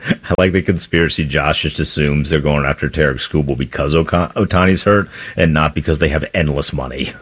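A man's voice: very deep voice, brisk, a bit bright, slightly rough. A man co-hosting sports talk radio in casual, joking banter.

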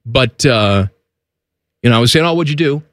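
A man co-hosting a casual talk show, animated, often laughing and exclaiming. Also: mid-range voice, normal speed, no echo, studio quality. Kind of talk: casual chat.

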